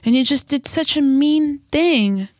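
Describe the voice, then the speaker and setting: A woman's voice: sits high, unhurried, no room sound, clean studio sound. A young woman chatting casually as a podcast co-host, telling stories and acting out the people in them. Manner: animated storyteller, acts out quotes. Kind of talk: casual chat.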